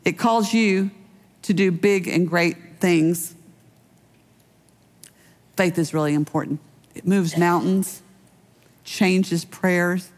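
A woman's voice: on the low side, steady tone, slow, pauses often. A middle-aged woman pastor giving a conversational sermon, telling personal stories with light laughter. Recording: long hall reverb.

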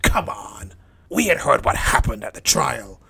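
A man playing a gravelly, bitter dying thief. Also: animated, unhurried, a crowd in the background. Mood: brooding. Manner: brooding, cynical, low-key. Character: hardened dying male thief on a cross, bitter. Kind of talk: dramatic first-person monologue.

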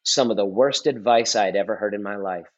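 A man in his thirties, a pastor, telling his testimony in a relaxed podcast conversation, earnest and repetitive for emphasis. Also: lowish voice, fairly quick. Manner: earnest storytelling, repeats and restarts phrases for emphasis. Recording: slightly dull lo-fi audio.

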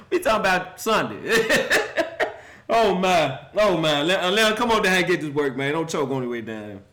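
A man's voice: high voice, expressive, a little fast, noisy background. A man hosting a football show, mocking losing teams in casual trash talk and laughing often.

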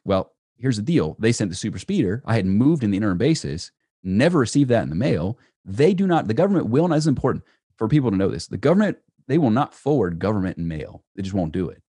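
Young male guest, very low and rapid, animated storyteller, dry close mic. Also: husky, no room sound. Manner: animated storyteller, many "right?" asides. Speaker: entrepreneur guest. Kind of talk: storytelling in a podcast interview.

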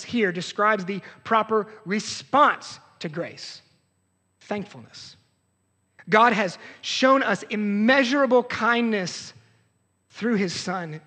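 Bright, husky-voiced young pastor preaching. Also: male voice. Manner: earnest preaching with loud outbursts and quiet, hushed lows. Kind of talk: sermon. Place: church sanctuary. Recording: hall reverb.

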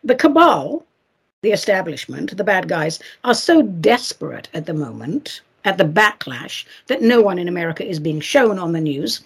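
Woman host, middle-aged, husky, animated pitch, chatty and sarcastic monologue. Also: moderate pace. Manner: chatty and theatrical, with sarcastic asides and giggles. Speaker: podcast host. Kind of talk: casual monologue commentary.

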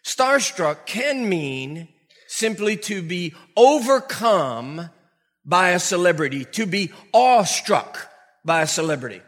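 Older male pastor, bright and tense tone, humorous storytelling sermon, long church reverb. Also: sits high, slow pace. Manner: animated, humorous storyteller who laughs often. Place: church before a congregation.

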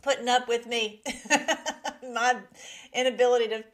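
A woman's voice: fairly high pitch, steady tone, a little slow. Gushing woman livestreaming. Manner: emotional, gushing and giggly, greets chatters. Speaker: livestream host. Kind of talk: casual live stream chat. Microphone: laptop mic.

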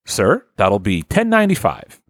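A man voicing a docile, overly polite street-food vendor in a comedy bit, speaking formally and slowly. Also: on the low side, wildly swooping pitch, dry recording, clean studio sound.

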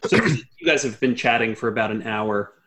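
A man as game master, narrating a tabletop game in a relaxed, conversational way. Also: medium pitch, moderate pace.

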